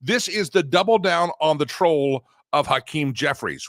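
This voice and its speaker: A man's voice: a little high, lively intonation, measured pace, a bit bright, no echo. A middle-aged American man hosting a political commentary show, talking in a mocking, rambling way with chuckling asides. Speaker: host.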